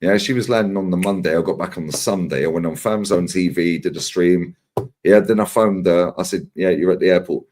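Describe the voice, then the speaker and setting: A man's voice: sits low, fairly quick. A man, telling stories on a fan livestream, swearing often and acting out what others said. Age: 40s. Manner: animated, swears freely, acts out others' lines. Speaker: regular guest on a fan livestream. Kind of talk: casual storytelling chat.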